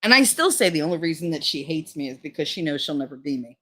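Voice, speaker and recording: A woman's voice: very animated, quick pace, a bit bright. A woman telling a gossipy story in a casual vlog, swearing freely and mimicking other people's voices. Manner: gossipy, profane, mimics others with big pitch jumps. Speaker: vlogger.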